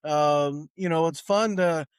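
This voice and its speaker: A male comedian hosts a podcast, chatting in an upbeat, filler-heavy way. His voice is high and smooth. It is recorded dry and close to the mic. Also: slow pace, no room sound. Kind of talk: casual podcast hosting.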